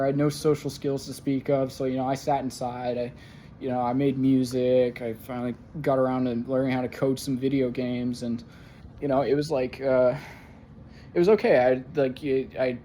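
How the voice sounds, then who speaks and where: A young man rambles through a personal vlog monologue in a mid-range voice, stumbling over fillers and swearing freely. His talk breaks now and then into strained, higher outbursts. A faint hiss of background noise sits under the recording. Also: warm tone. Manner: halting, full of fillers and profanity, rising to pained outbursts. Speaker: vlogger.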